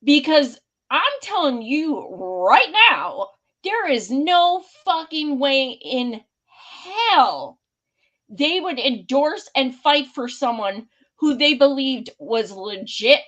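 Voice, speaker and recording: A woman hosting a casual political talk show, heated and profane. Her voice sits a little high, and she takes her time. She speaks bluntly and swears freely. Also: lively intonation, extremely slow, fairly bright tone, muffled recording. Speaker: podcast host.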